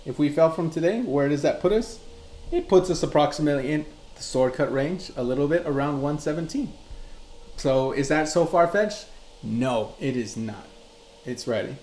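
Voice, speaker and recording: A man's voice: fairly high pitch, moderate pace, a little mellow, a little hiss or hum. A man hosting a live crypto chart class, reading chat messages aloud and explaining charts in a loose, conversational way. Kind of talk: live-streamed chart tutorial. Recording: roomy echo.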